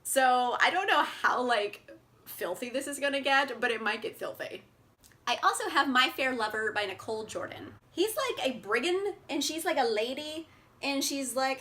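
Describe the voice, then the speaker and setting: A woman's voice: high voice, expressive, moderate pace, pushed and bright. A young woman chatting casually about books she picked up, bubbly and chatty, with lots of fillers and laughs, recorded indoors on a camera mic. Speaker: book vlogger. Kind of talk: casual book haul chat.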